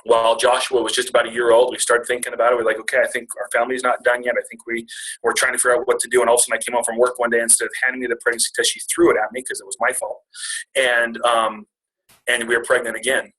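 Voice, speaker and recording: A man's voice: medium pitch, completely flat delivery, very fast, fairly bright tone, rough recording. A man in his twenties telling a personal family story at a retreat, rambling and self-deprecating with jokes. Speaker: speaker at a retreat.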